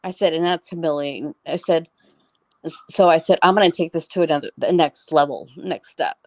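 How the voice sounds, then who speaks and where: A woman's voice: low-pitched, fairly even intonation, a little fast, darkish tone, dry recording. A middle-aged woman telling a story as an interview guest, in a rambling, casual way full of "like" and restarts.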